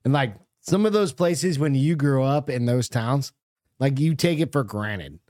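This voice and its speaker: A man's voice: medium pitch, lively intonation, unhurried, darkish tone, no echo, studio quality. A middle-aged man from New Hampshire co-hosting a comedy podcast, chatting loosely with plenty of swearing and jokes. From New Hampshire, USA. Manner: profane, loose and joking. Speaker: podcast co-host. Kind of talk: casual comedy podcast chat.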